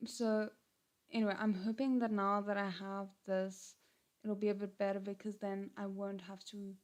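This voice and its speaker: A woman from Africa, chatting casually on a livestream, hesitant with many ums, her voice a little gruff. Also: medium pitch, level tone, moderate pace. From South Africa. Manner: hesitant, many ums and restarts, thanks viewers. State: slightly gruff voice. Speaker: channel host on a livestream. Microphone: headphones and desk mic.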